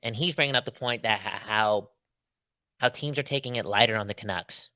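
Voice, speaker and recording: A man co-hosting a sports podcast, talking in a casual, animated, slangy way about his team. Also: fairly low pitch, a little fast, dry recording. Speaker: podcast co-host.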